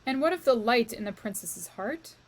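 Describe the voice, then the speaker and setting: A woman with a fairly high voice shares a children's novel with a class. She takes her time, reading expressively and talking to the reader as she goes.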